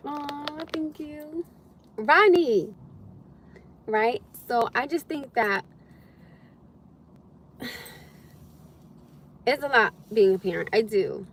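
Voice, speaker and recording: A woman's voice: high-pitched, expressive, extremely slow, pauses often, a little hiss or hum. A woman hosting a casual livestream from her phone, reading scripture and thanking viewers, exclaiming and laughing often. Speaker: livestream host.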